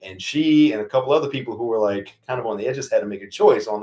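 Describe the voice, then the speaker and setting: A man's voice: on the low side, quick pace, mellow. A man hosting a casual livestream Q&A about his farm, blunt and profane, laughing as he tells stories. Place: farm in Virginia.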